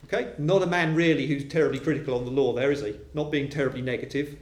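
A man preaching a sermon to a congregation, animated and acting out quoted voices. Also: mid-range voice, fast talker, few pauses. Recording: roomy echo of a hall.

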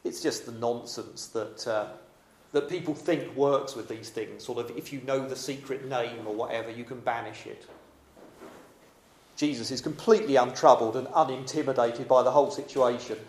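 A man's voice: medium pitch, moderate pace, a little hiss or hum. A man preaching a sermon in a dramatic, emphatic yet conversational way. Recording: echoey room.

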